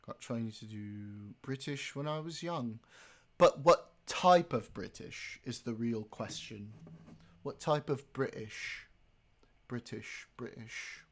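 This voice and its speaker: A man's voice: medium pitch, expressive, takes it slowly. A man speaking in a put-on British accent, jokey and mock-proper.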